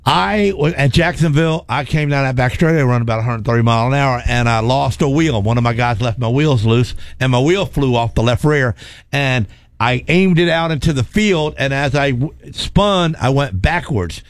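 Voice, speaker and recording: A man telling a racing crash story in casual chat, animated and repeating words as he goes. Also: medium pitch, normal speed, no echo. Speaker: former race car driver telling stories.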